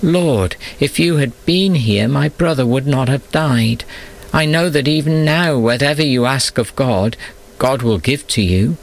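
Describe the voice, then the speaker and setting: A man's voice: medium pitch, expressive, moderate pace, few pauses, husky. A man voicing a grieving woman who pleads in a raised, earnest tone, in a storybook reading. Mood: pleading.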